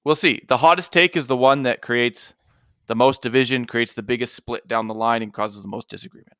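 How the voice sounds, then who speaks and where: A man's voice: mid-range voice, a little fast, sharp tone, no echo, clean studio sound. A man co-hosting a casual podcast, talking emphatically and getting worked up over small opinions. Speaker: podcast co-host. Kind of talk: casual chat.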